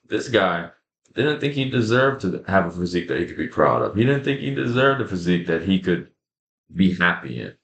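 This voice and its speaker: A young man with a fairly low voice gives an earnest, casual motivational talk about fitness. He leans on repetition and slangy asides. The room is echoey and bare-sounding. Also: very animated, fairly quick, gravelly, a bit bright. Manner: casual, repetitive, emphatic, addresses viewers as guys and bro. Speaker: fitness creator.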